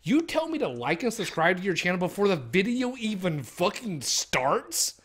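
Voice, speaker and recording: A man's voice: high-pitched, sing-song, normal speed, a bit bright, breathy edge. A young man ranting profanely in casual chat on a stream, mocking others with exaggerated voices. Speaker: streamer co-host.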